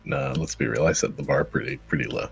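A man's voice: low-pitched, big pitch swings, fast talker, gravelly, breathy edge, faint music behind. A man player chatting casually in a tabletop game, wry and dry-humored.

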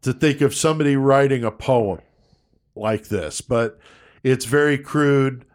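A man hosting a podcast in casual chat, explaining things in a relaxed way with many fillers. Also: medium pitch, measured pace. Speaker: podcast host.

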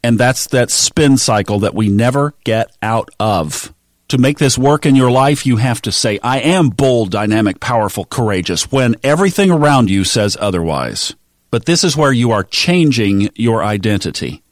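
A man's voice: medium pitch, sing-song, moderate pace, no echo, studio quality. A man hosting a motivational podcast, coaching listeners earnestly and acting out their inner voices. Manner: earnest, coaching, acts out quoted self-talk. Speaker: podcast host.

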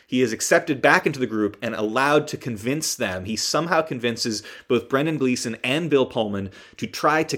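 A man's voice: medium pitch, fairly bright tone. A man hosting a podcast who recaps a movie in a casual, rambling, joking way, correcting himself as he goes. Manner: rambling, joking, with many ums and self-corrections. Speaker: podcast host.

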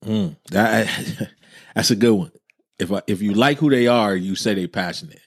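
A man co-hosting a casual talk show, speaking in a relaxed, thoughtful way and reading out listener comments. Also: lowish voice, moderate pace, no echo, studio quality. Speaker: podcast co-host. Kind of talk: casual chat.

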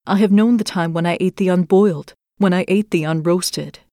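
A gentle, humble young maiden from a fairy tale, as a woman reader voices her, low-pitched and calm in her earnest lines. The sound is close and dry. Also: normal speed, dry recording, natural voice.

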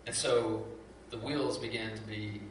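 A man's voice: lowish voice, steady tone, measured pace, recorded from a distance, background noise. Echoey preaching man telling a story. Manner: storytelling, acts out quoted voices with repeats and restarts. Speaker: pastor. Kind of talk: sermon.

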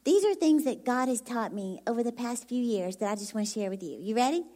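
A woman's voice: on the high side, expressive, fairly quick, warm tone. A woman from Dallas with a Texan accent and a very youthful, childlike voice, preaching as a bubbly, chatty guest speaker who laughs often. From Dallas, Texas. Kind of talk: sermon.

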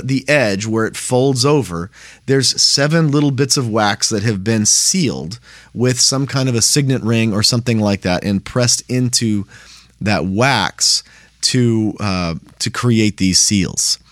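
A man's voice: mid-range voice, measured pace, dry recording, clean studio sound. A man teaching a Bible study in a plain, conversational way, often checking in with "right?".

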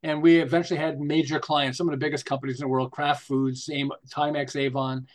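An older Canadian man appears as a podcast guest in a casual interview, speaking briskly at a medium pitch. He tells animated, rambling anecdotes and often restarts his sentences.

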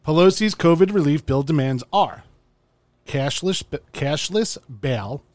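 A man's voice: fairly high pitch, animated, unhurried, darkish tone, no echo. A man hosting a podcast in a rambling, joking, stoned way. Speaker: podcast host. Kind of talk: casual chat.

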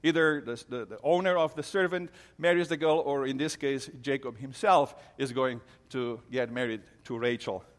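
A man's voice: mid-range voice, normal speed, few pauses. A middle-aged man from Romania, preaching a sermon as an earnest storyteller who often restarts his sentences. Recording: long hall reverb.

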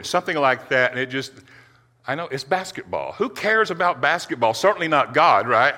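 Male preacher, forceful tone, stumbling earnest testimony, reverberant hall. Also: medium pitch, very animated. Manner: earnest, halting, with many restarts. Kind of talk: personal testimony sermon.

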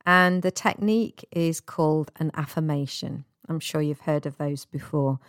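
A woman talks through a self-help podcast in an easy, gentle, chatty way and sometimes laughs at herself. Her voice sits low, and the recording is dry and close. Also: fairly even intonation, normal speed, clean tone, dry recording. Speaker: podcast host.

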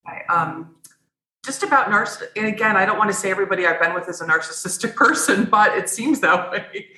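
A woman's voice: mid-range voice, brisk, bright, forceful tone, echoey room, low-quality recording. A woman guest on a podcast, telling her own story candidly and earnestly, often restarting her sentences. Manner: earnest, rambling, frequent restarts.

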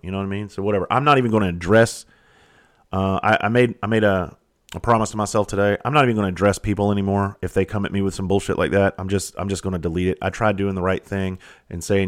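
A middle-aged man with a somewhat low voice tells a story in a loose, casual monologue. He is blunt and profane. He talks like a firefighter sharing war stories. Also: steady tone, quick pace. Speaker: firefighter and podcast host.

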